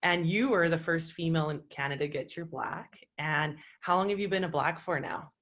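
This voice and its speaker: A woman's voice: low voice, fairly quick, a bit bright. A woman hosting a podcast, asking curious questions in a casual, chatty way. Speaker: podcast host. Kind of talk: casual interview.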